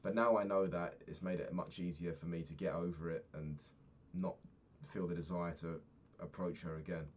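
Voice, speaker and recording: A man's voice: deep voice, fairly even intonation, normal speed, hardly any pauses, slight background noise. A young man talking through his day in a candid, rambling diary vlog, swearing freely. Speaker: vlogger.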